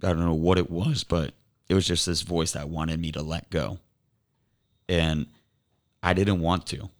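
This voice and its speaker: Very deep-voiced man telling a harrowing story. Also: fairly even intonation. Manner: earnest, halting retelling with repeated restarts. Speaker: podcast guest. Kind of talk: emotional personal storytelling.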